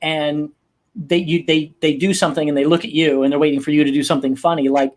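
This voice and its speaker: A man hosting a casual chat, telling stories with lively acted-out quotes. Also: fairly high pitch, fast talker. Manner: animated storyteller who acts out quoted lines. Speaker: podcast host.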